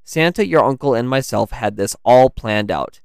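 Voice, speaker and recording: Man voicing a gentle father, calm and fond, storybook role. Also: mid-range voice, moderate pace, creaky, smooth, no echo, studio quality. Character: gentle, proud middle-aged father.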